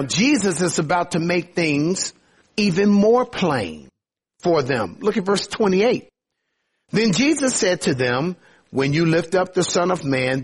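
A man preaching a sermon, his voice sitting somewhat high for a man and carrying a husky grain. He is earnest, slowing down on key phrases and building in fervor as he presses his point. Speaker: pastor.

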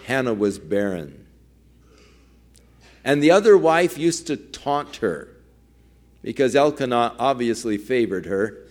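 A man's voice: mid-range voice, very animated, slow pace, long pauses, darkish tone. A male pastor preaching a sermon, telling a story earnestly and acting out its quoted dialogue.

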